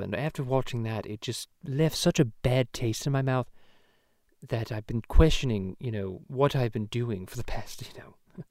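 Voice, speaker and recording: A man's voice: medium pitch, darkish tone, no room sound, studio quality, close to an everyday voice. Stewie, a foul-mouthed ranting cartoon baby , man voicing. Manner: profane, rambling, contemptuous. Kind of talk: comedic podcast rant in character.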